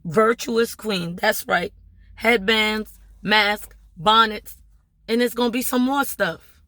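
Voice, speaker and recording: This woman runs a small business and vlogs from Maryland, and her accent shows it. Her mid-range voice is bright and forceful, her pace slow, with no room sound. She gives a passionate, preachy motivational talk, stressing points and repeating rhetorical questions ending in "right?"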